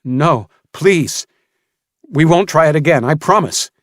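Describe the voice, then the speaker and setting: A man's voice: a little high, animated, a little slow, dry recording, clean studio sound, pitched above the performer's own voice. A man voicing a defiant young boy who pleads desperately to protect his friends, in an audiobook. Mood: pleading.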